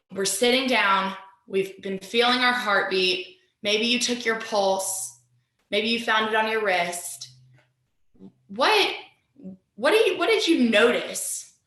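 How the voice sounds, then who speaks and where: A woman teacher with a fairly high, bright voice leads a mindfulness lesson over a video call. She talks straight to her students in an upbeat, encouraging way. Her voice carries a roomy echo.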